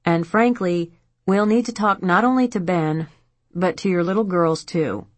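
A woman voicing a stern, blunt male police detective in an audiobook, questioning in a firm, measured way. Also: lowish voice, dry recording, voice pushed up. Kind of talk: audiobook character voice.

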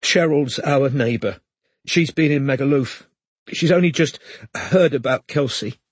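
A man's voice: medium pitch, measured pace, breathy edge, no room sound, voice pushed up. A man voicing a grieving middle-aged woman who is tearful and gasping, in an audiobook reading.

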